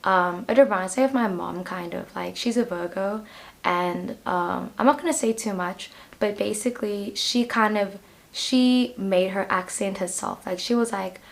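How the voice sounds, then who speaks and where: A young woman talks straight to the viewer through a pick-a-card tarot reading. Her delivery is loose and chatty, full of ums and likes. She often pauses and hedges to find her words. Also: mid-range voice, gravelly. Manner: chatty, hesitant, full of fillers. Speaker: tarot reader.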